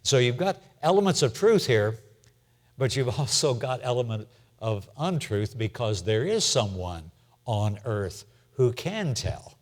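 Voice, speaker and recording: A man's voice: mid-range voice, very animated, unhurried. An older man teaching a Bible class in a church, speaking plainly, asking the room questions and repeating his key points. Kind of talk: conversational Bible lesson.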